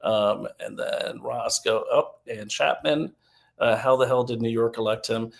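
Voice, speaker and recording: A middle-aged man from Maine co-hosting a casual talk show, easygoing and halting, reading out viewer names with many fillers. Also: medium pitch, fairly even intonation, creaky. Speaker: co-host. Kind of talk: casual chat.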